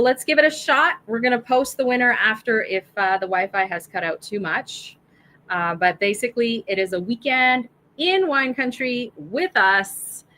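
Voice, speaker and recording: A woman's voice: medium pitch, sharp tone, rough recording. A woman in her fifties with a Canadian accent, hosting a casual livestream in an upbeat, chatty, apologetic way. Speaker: wine club host.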